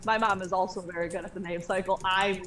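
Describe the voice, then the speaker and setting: A woman's voice: medium pitch, steady tone, quick pace, noisy background. A woman player chatting and giggling during a tabletop stream. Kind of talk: casual stream chat.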